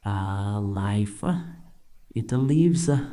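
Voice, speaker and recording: A man's voice: fairly low pitch, drawn-out words, noisy background. A text-to-speech man's voice doing a wistful, poetic old man with a stereotyped Italian accent.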